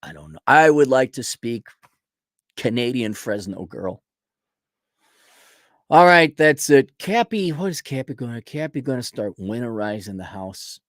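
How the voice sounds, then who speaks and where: A man's voice: mid-range voice, sing-song, unhurried, no echo, studio quality. A man hosting a live stream, giving sarcastic, scornful commentary in a casual rant with frequent restarts.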